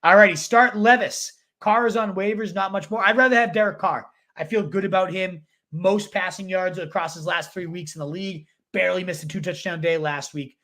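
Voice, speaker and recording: A man hosting a casual fantasy football livestream, answering viewer comments in a rambling, halting way with lots of fillers. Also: high voice, sharp tone. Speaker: fantasy football show host.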